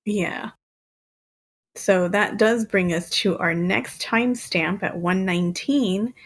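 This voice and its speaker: A woman in her thirties chats casually on a podcast. Her voice sits at an ordinary middle pitch. She talks freely and often breaks into light laughter as she tells her stories. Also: slow pace, husky. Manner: chatty, laughs often while recounting. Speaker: podcast co-host. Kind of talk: casual chat.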